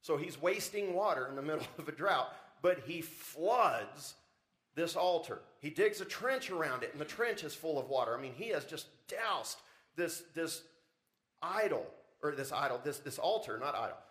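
A man's voice: a little high, lively intonation, moderate pace, a bit bright. A man preaching a sermon as pastor, with rising emphasis and frequent rhetorical questions to the congregation. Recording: church service audio recording.

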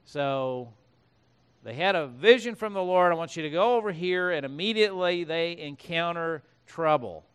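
A man's voice: fairly high pitch, lively intonation, moderate pace, smooth. A man preaching a sermon as pastor, reading scripture aloud and breaking off into conversational asides.

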